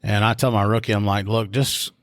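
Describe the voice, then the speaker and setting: A man tells a work story on a podcast, in a voice on the low side. The sound is close and dry with no room around it. He lifts his pitch to act out the people he quotes. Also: little pitch movement, a little fast, no echo. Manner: storyteller who acts out quotes in a raised voice. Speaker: podcast co-host, field training officer. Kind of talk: casual storytelling chat.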